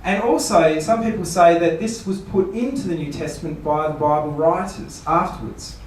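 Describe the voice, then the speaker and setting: Man preaching a seminar talk in a big echoey hall, mic set well back, fairly high voice. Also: moderate pace, a little hiss or hum. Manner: rhetorical questions, playful mock quotes. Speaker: pastor. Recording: echoey room, voice from far off.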